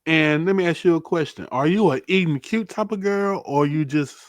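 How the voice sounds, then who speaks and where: A man's voice: fairly high pitch, moderate pace, no room sound, clean studio sound. A man hosting a podcast in casual chat, playfully running through a list with mock-serious verdicts. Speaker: podcast host.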